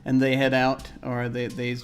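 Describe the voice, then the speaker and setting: Halting male game master narrating. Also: medium pitch, completely flat delivery, smooth. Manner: hesitant, halting, full of restarts.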